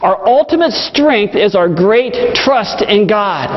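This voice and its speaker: A man with a strikingly high voice preaches from the pulpit in an earnest way, hammering his points home by repeating them. The recording is dull and lo-fi, and a long hall reverb trails after each phrase. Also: expressive, slow, a little hiss or hum. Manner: earnest, storytelling with emphatic repetition. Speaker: pastor. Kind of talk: sermon.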